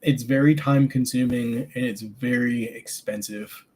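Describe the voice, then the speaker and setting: A man talking in a casual chat, easygoing and a little hesitant, pausing and restarting as he thinks aloud. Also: mid-range voice, steady tone, a little mellow, a little hiss or hum. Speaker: band member.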